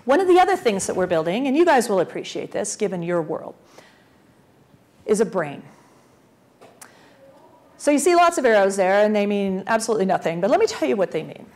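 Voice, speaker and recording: Energetic woman giving a conference talk. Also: mid-range voice, fairly quick, long pauses. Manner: energetic, uses rhetorical questions. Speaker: conference speaker, transportation official. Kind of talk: conference presentation.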